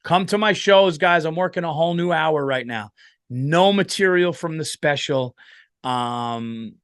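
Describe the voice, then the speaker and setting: Tired, profane comedian host rambling. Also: male voice, on the high side, unhurried, a bit bright, clean tone, no room sound, studio quality. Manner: profane, rambling, lots of fillers. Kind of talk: casual rambling monologue.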